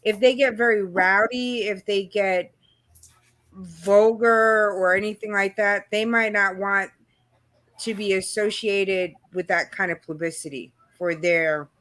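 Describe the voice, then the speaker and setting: A woman's voice: mid-range voice, a bit bright, no echo. A woman hosting a casual livestream chat, rambling and filling her talk with "you know". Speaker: channel host.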